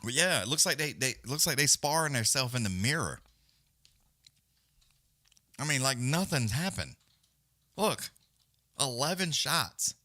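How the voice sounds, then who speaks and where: A man's voice: medium pitch, very animated, unhurried, long pauses, bright, forceful tone. Profane man calling a fight. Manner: profane, blunt, loose, Southern-leaning slang. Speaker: fight companion commentator. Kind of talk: casual live fight commentary.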